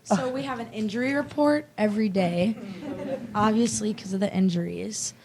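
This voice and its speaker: A woman's voice: mid-range voice, moderate pace, rough recording. A young woman, a volleyball player, casually telling funny team anecdotes and laughing through them. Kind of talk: casual storytelling on a panel. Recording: loud crowd chatter behind.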